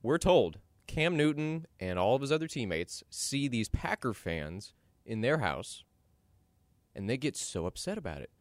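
A man's voice: measured pace, dry recording. A young man from Dallas hosting a podcast, ranting opinionated commentary and getting worked up as he talks. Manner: animated, ranting, jumps in pitch when worked up. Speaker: podcast host.

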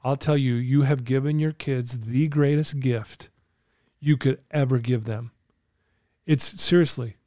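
Mellow and fairly even in intonation, this man's mid-range voice keeps a measured pace, recorded dry at studio quality. He's an earnest podcast guest and client coach, telling stories in a conversational interview and dramatizing dialogue with clients.

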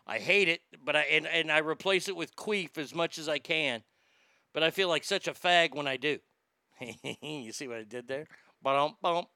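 A man's voice: a little high, gravelly, bright, forceful tone, clean tone, dry recording. A man hosting a podcast in casual, profane, rambling commentary, reading listener comments aloud. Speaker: podcast host.

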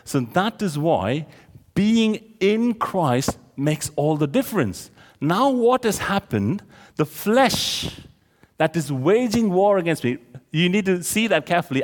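A man's voice: high-pitched, in a large hall. A man preaching a sermon, explaining scripture verse by verse and often checking with the congregation. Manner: expository, asks the audience questions.

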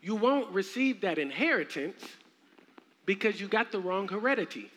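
Lively young male preacher. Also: high voice, moderate pace. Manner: animated, slangy, humorous preaching. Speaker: minister. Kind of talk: sermon. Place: church sanctuary. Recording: echoey hall, faint noise.

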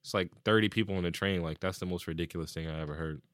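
Deep bright man telling stories casually. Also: rapid-fire, no room sound, studio quality. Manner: animated retelling with acted-out quotes and swearing. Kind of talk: casual chat, storytelling.

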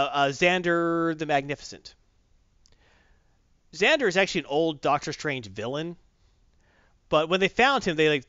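A rambling, animated man with a raised, lively voice, chatting casually as a comics host. The recording is dry and slightly dull. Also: fairly high pitch, dry recording. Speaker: podcast host. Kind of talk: casual comic review chat.

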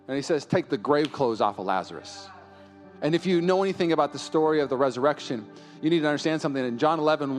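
A male pastor delivering a sermon in a church, moving from quiet storytelling to loud, impassioned preaching. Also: on the high side.

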